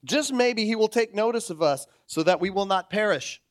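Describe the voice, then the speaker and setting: A man's voice: high voice, animated, moderate pace. A man voicing a ship captain who urgently rouses a sleeper, told as a sermon story. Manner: urgent, pushing a sleeper to wake.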